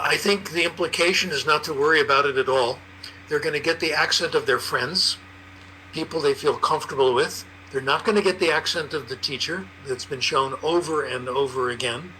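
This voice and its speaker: An older man on a panel explaining research in a lively, anecdotal storytelling way. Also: a little high, normal speed, slight background noise, low-quality recording. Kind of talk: conversational explanation.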